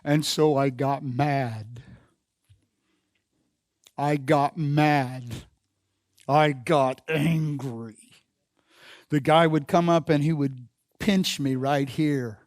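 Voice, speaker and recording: A male pastor with a fairly high voice preaches a sermon. He repeats key phrases and calls the congregation to answer back, building in force as he goes. His voice is heard close and dry, with little room sound. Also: steady tone, extremely slow, pauses often, a little mellow, no echo. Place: church sanctuary.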